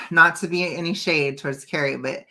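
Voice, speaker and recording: A woman's voice: deep voice, steady tone, normal speed, bright, forceful tone. A woman co-host in a casual reaction chat, speaking emphatically with colloquial phrasing.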